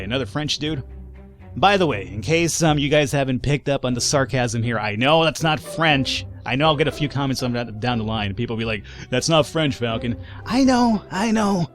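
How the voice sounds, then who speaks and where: Dude doing let's play commentary, sarcastic, cusses a lot, talks in circles. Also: male voice, medium pitch, lively intonation, a little fast, a bit bright, faint music behind. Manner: sarcastic, rambling, swears freely. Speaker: gameplay commentator.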